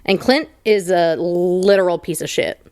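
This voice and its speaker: Female podcast co-host, low voice, brash casual book talk, dry sound. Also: measured pace, darkish tone, smooth, dry recording. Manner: brash, summarizing with fillers and crude jokes. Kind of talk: casual book club chat.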